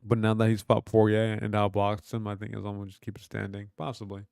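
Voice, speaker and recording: With a lowish, gravelly yet slightly mellow and smooth voice, this young livestream host from Kentucky, USA speaks briskly in a completely flat delivery. He trades loose, profane banter, reads out the chat, and the studio recording is clean with no echo.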